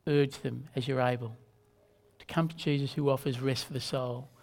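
An earnest male preacher delivers a sermon at a measured pace. His voice sits in an ordinary middle register, and he drives points home by repeating key phrases. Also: mid-range voice, fairly even intonation, gravelly, darkish tone. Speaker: pastor.

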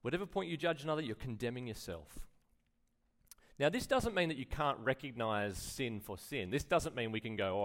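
A man's voice: mid-range voice, very animated, unhurried. A man preaching a sermon in a conversational way, full of rhetorical questions and acted-out quotes. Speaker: pastor.

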